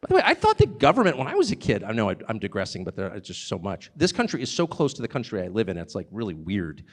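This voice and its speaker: A man giving an animated, sarcastic, off-the-cuff speech to a live audience. He digresses and laughs at his own jokes. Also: fairly low pitch, fast. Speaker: speaker addressing a live audience abroad. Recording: long reverb of a large hall.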